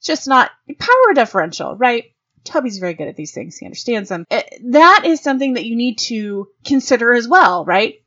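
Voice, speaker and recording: A woman in her forties hosts a casual monologue podcast. She is blunt and profane, and she voices the people in her stories with sudden high-pitched swings. The recording sounds slightly dull and lo-fi. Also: fairly quick. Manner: frank, profane, animated storytelling with big voice swings for quoted reactions. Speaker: podcast host.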